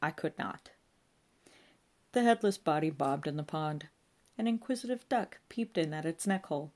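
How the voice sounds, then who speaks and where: Low-voiced woman narrating a comic novel. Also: animated, fairly quick, a little mellow.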